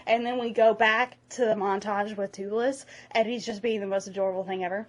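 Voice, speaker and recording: A woman's voice: fairly high pitch, steady tone, a little fast. A woman vlogger giving a comedic movie retelling from memory, casual, profane and rambling.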